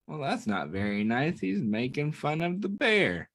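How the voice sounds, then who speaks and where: Animated man reading a children's book. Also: a little high, unhurried, hardly any pauses. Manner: playful and animated, talks to children, asks them to join in. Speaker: children's story reader. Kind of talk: children's picture book read-aloud.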